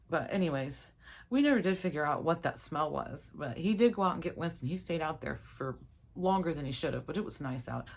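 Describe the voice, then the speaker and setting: Chatty woman telling a home story. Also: lowish voice. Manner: chatty and animated, acting out her own reactions. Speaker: vlogger. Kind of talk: casual storytime chat.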